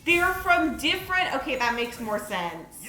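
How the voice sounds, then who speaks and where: A young woman streaming a game, chatting in an excitable, rambling way with lots of fillers. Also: high voice, unhurried. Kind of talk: casual live-stream chat. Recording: roomy echo with faint music.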